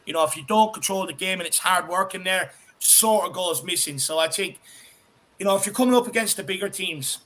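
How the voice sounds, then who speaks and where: An Irish man hosting a casual fan chat, excitable, swearing freely and reading out viewer comments. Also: sits high, fairly quick. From Ireland. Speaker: podcast host.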